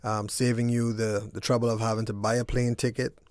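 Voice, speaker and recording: A man who organizes a basketball tournament, a guest on a radio sports show, talking with halting starts and repeated words. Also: medium pitch, flat delivery, a little mellow, smooth, dry recording, clean studio sound.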